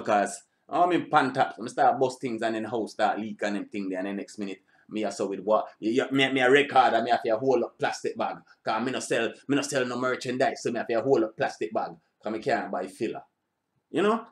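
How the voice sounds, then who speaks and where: A man hosting a reaction channel, speaking in casual, rambling commentary. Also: mid-range voice. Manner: animated shout-outs, rambling asides.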